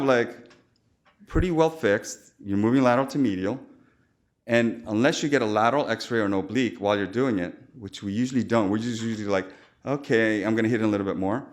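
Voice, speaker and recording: A man gives a surgical talk at a conference podium, speaking in an easy, conversational way. He slips in jokes and acts out little exchanges with trainees, and his voice sits at an ordinary middle pitch. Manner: informal, chatty, jokey with quoted asides. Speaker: surgeon lecturer. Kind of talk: conference lecture. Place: lecture hall.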